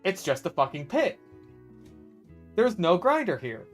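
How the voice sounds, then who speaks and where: A man casually commentating his own gameplay, swearing freely and breaking into loud exasperated yelling. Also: high-pitched, very animated, unhurried, faint music behind. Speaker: gaming video creator.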